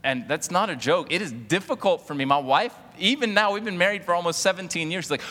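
A man's voice: sits high, fast talker, hardly any pauses, sharp tone. A man in his forties preaching a sermon as pastor, firing rhetorical questions at the congregation and calling on them to answer. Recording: long hall reverb.

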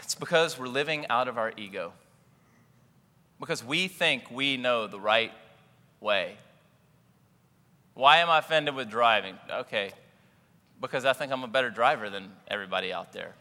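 A man's voice: medium pitch, moderate pace, pauses often, bright, forceful tone, in a large hall. A man giving a humorous, conversational sermon as a pastor, acting out little scenes and chuckling often. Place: church sanctuary.

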